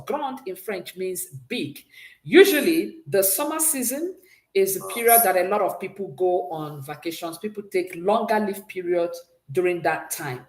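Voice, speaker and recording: A woman's voice: on the low side, darkish tone, roomy sound. A woman teaching a French exam-prep class, patiently drilling pronunciation and praising answers often. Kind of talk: exam-prep language lesson.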